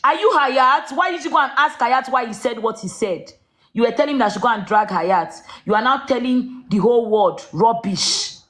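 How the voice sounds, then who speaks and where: A woman ranting on a livestream, shouting accusations and rhetorical questions at someone. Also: fairly high pitch, normal speed, roomy sound. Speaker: social media livestreamer. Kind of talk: angry live-stream rant.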